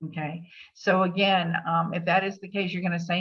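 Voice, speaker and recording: A woman giving a plainspoken legal update to real estate agents. She takes their questions, pausing with fillers and adding emphatic asides. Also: on the low side, level tone. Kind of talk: briefing with answers to questions. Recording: dull lo-fi meeting recording.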